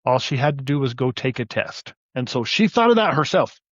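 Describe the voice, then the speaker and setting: A man's voice: mid-range voice, a little fast, dry recording, highs cut off. A man guest on an interview show, casually telling stories about his side businesses. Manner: storytelling, animated anecdotes. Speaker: podcast guest, side hustle coach.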